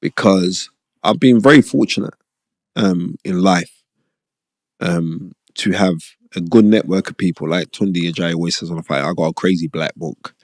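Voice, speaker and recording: A middle-aged man, a former boxer hosting a podcast, telling stories from his life in an animated, candid way and often asking "you know what I mean?". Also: deep voice, normal speed, no room sound, clean studio sound. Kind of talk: candid conversational storytelling.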